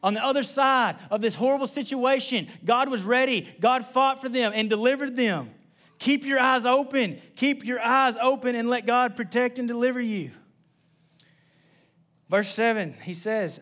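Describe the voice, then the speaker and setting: A young adult man preaching a sermon in a casual, conversational way, repeating key phrases and adding quick asides. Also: high-pitched, fairly even intonation, fairly bright tone. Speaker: pastor.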